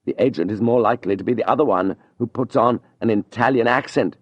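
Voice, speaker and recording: A man's voice: medium pitch, fast, breathy edge, no room sound, muffled recording, close to an everyday voice. A man voicing a sly, scheming male priest who speaks in a cool, dismissive manner.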